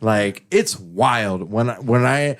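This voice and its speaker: A man's voice: fairly low pitch, slow. A man co-hosting a podcast in casual chat, laughing often and swearing freely. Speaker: podcast co-host.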